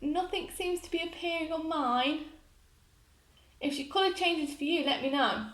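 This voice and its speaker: A woman narrates a toy unboxing, gushing over every detail and chatting straight to her viewers. Her voice is bright and lifted, sitting a little high. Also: normal speed. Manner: gushing and enthusiastic, talks to viewers.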